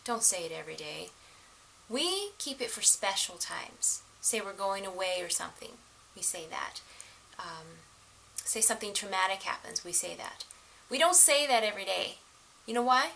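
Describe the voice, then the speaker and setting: A middle-aged woman giving casual relationship advice to the camera, animated and laughing often as she acts out the voices of others. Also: medium pitch, normal speed, creaky, a little hiss or hum, low-quality recording.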